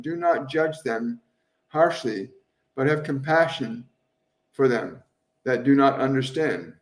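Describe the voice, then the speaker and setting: A man hosting a live stream as a spiritual medium, answering viewers' questions in a gentle, earnest way and repeating phrases over and over for emphasis. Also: mid-range voice, expressive, takes it slowly, long pauses, distant mic. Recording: roomy echo, voice somewhat off-mic.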